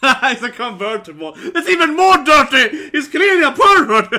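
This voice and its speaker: Excitable, very bright-voiced man reacting. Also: very high voice, normal speed, hardly any pauses. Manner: laughs often, exclaims, tags lines with "right?" and "man". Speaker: reaction video host. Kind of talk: excited live reaction commentary.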